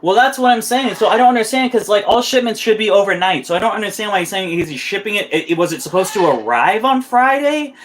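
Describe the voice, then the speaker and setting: A man's voice: high-pitched, expressive, fast talker, few pauses, fairly bright tone. A young man live-streaming as a reptile keeper, ranting in a heated, profane way with many restarts. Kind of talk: casual live-stream rant.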